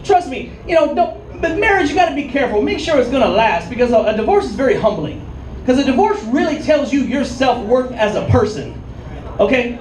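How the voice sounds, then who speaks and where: A man's voice: very high voice, a little mellow. A man performing a stand-up comedy set in a club, telling his story in a punchy, conversational way. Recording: echoey club from a distant mic with crowd noise.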